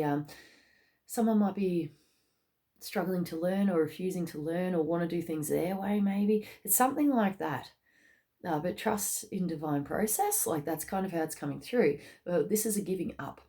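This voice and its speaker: A woman giving a casual spoken tarot reading. She chats along, tagging lines with "okay?" and "mate", and bursts into excited rises. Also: on the low side. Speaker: tarot card reader.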